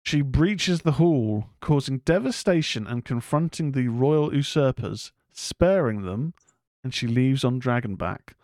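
A male podcast co-host with a mid-range, darkish voice and lively intonation recaps a TV episode at a measured pace. His casual chat is rambling and hesitant, full of fillers. The recording is studio quality with no room sound.

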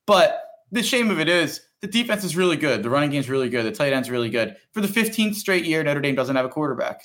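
A man's voice: medium pitch, a bit bright. A young man co-hosting a casual sports podcast, rambling and self-deprecating, swearing freely. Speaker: podcast co-host.

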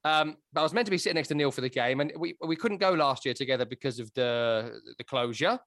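A man's voice: mid-range voice, fast talker, a bit bright, no room sound, clean studio sound. A man hosting a podcast, telling stories in a chatty, wry way. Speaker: podcast host. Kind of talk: casual podcast chat.

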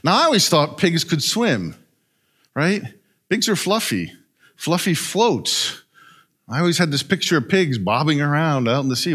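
A man preaching a sermon, retelling a story in an animated way and often asking "right?". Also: a little high, normal speed. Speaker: pastor.

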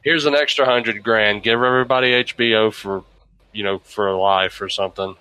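Casual talker, male, bright forward tone, swears a lot, tells animated stories. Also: on the low side, normal speed, a little hiss or hum, low-quality recording. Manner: profane, rambling, animated storytelling. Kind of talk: casual chat.

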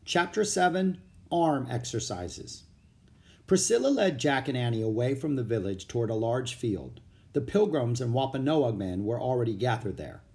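A man reading a children's book aloud as narrator, with expressive storytelling. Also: medium pitch. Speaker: audiobook narrator.

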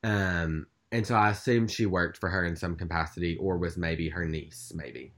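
Casting: male co-host, slightly low voice, rambling and chatty storyteller. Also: normal speed, fairly bright tone. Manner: rambling, chatty, with many fillers. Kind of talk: casual storytelling chat.

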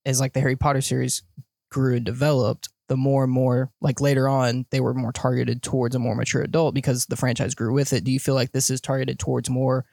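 A man talking about movies as a podcast co-host, measured and hesitant, with many ums. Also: medium pitch, little pitch movement, vocal fry, a little mellow, no echo, studio quality. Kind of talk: casual movie chat.

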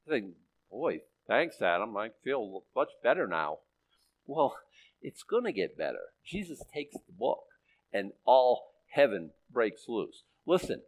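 A man in his sixties, a pastor preaching a sermon, emphatic and animated, reading scripture and making sarcastic asides. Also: on the high side. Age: 60s. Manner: reads scripture aloud in older English.

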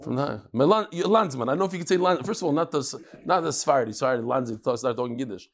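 A man from Brooklyn giving a daily Talmud lecture to a live class, animated and emphatic, firing questions and quick asides at his students. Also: mid-range voice. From Brooklyn, New York. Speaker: Talmud teacher.

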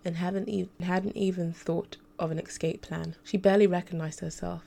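Gravelly low-voiced woman narrating. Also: warm tone. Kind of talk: audiobook narration.

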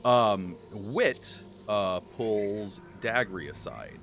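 A man with a fairly low voice talks with a punchy, forceful edge as he recaps his tabletop campaign. He is excitable and rambling, swearing casually while he runs through the session as its game master. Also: extremely slow, soft background music. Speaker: game master and podcast host.

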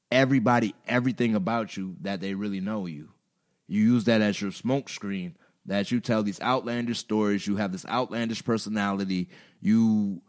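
A man with a lowish voice tells personal stories openly and with feeling. He breaks into laughter now and then and curses casually. His talk is loose, animated and confessional. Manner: emotional, laughing, expressive storytelling with curses. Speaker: podcast guest, rapper. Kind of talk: candid storytelling chat.

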